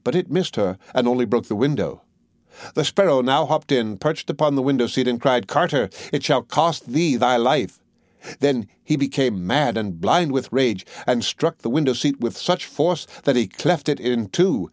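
A man's voice: mid-range voice, lively intonation, moderate pace, a little mellow, dry recording. Man reading a fairy tale, dry sound. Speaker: audiobook reader. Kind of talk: storybook narration.

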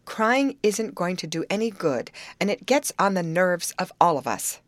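A woman's voice: on the low side, expressive, normal speed, no room sound, close to an everyday voice. A woman doing a snappish, no-nonsense girl. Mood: sharp. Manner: incisive, snappish. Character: sharp, no-nonsense young woman.

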